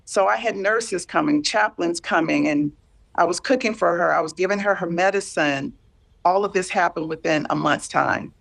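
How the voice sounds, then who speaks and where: A woman in her fifties talking candidly and earnestly about caring for a parent, halting and repeating herself as she searches for words. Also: fairly low pitch, creaky, a bit bright. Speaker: guest sharing caregiving story. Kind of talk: candid emotional conversation.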